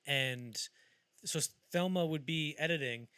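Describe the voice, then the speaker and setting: A podcast host with a slightly high voice speaks at a measured pace, his tone clean with no room sound. He tells film-history stories in casual chat, acting out the quotes as an animated storyteller.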